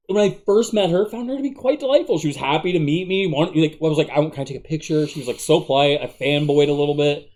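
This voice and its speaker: A man's voice: sits high, a little mellow. A man co-hosting a podcast in casual, profane banter, joking and rambling, now and then putting on silly impressions. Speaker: podcast co-host.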